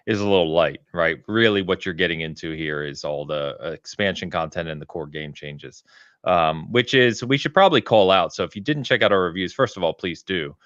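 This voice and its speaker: A man co-hosting a gaming podcast in casual chat, enthusiastic and quick to laugh, with plenty of fillers. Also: low voice, lively intonation, fairly bright tone, dry recording, muffled recording. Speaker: podcast co-host.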